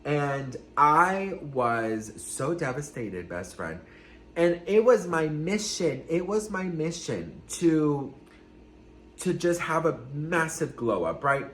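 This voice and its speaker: A man's voice: on the high side, big pitch swings, takes it slowly, fairly bright tone, a little hiss or hum. A man hosting a casual celebrity gossip vlog, sassy and dramatic, swearing freely, recorded with room echo. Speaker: gossip vlogger.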